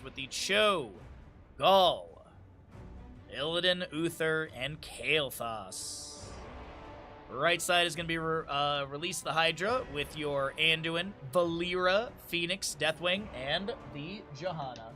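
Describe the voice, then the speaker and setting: Upbeat, bright-voiced male stream caster. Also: a little high, slow pace, soft background music. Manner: casual, upbeat and jokey, chatting with viewers. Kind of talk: live-stream game commentary.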